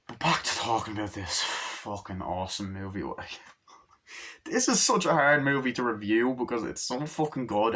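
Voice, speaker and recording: Young man, casual phone-recorded movie rant; eager, profane, acts out lines mid-sentence. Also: mid-range voice. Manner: excited, swears a lot, acts out scenes with quick voices. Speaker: movie reviewer. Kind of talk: casual rambling movie review.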